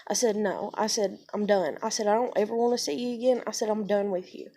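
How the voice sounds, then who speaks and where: A woman's voice: mid-range voice, a little fast, dark tone. Young woman vlogger recounting a family blowup, angry and foul-mouthed. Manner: heated, profane, quotes others. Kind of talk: casual storytelling vlog.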